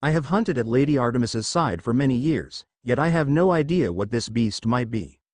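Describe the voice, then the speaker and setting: A stern huntress girl with formal, old-fashioned wording and a lively pitch, read by a man narrating a storybook. The voice is close and dry, with no room sound, and she speaks with firm resolve. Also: normal speed, no room sound, close to an everyday voice.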